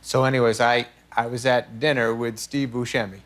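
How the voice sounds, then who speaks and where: A man telling a halting anecdote as a talk show guest, laughing and restarting as he goes. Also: medium pitch, flat delivery, a bit bright.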